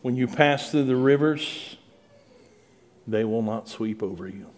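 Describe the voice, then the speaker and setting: A man's voice: mid-range voice, a little slow, a little mellow. Middle-aged male preacher, earnest and pleading delivery with dramatic peaks. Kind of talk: sermon.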